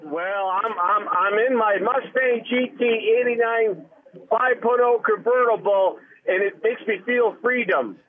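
Man, radio caller, folksy blue-collar rant, high voice, husky, tinny phone. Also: measured pace.

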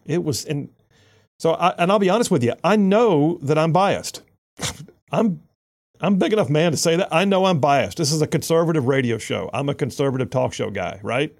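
A man hosting a conservative talk radio show, delivering an animated, sarcastic opinion monologue with lots of repetition. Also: on the high side, moderate pace, creaky.

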